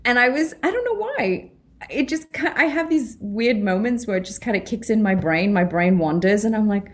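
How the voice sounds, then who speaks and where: A British woman talks in a relaxed interview, her voice sitting at an ordinary pitch for a woman. She laughs easily and jumps into little acted-out versions of her own reactions. The talk comes in bursts with restarts as her thoughts run ahead. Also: moderate pace. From Britain. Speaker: actress, interview guest. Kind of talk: casual interview chat.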